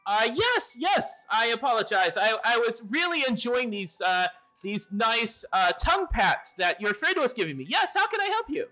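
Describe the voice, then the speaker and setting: A man's voice: very high-pitched, big pitch swings, normal speed, sharp tone, pitched above the performer's own voice, heavily acted. A man voicing a chatty, polite male gargoyle who guards magic slides, talking in a fussy, apologetic way. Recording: dull lo-fi audio.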